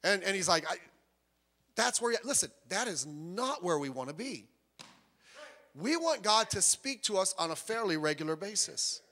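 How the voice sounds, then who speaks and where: Pastor, male, fairly high voice, animated sermon delivery with long hall reverb. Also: moderate pace. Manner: animated, acts out quoted voices.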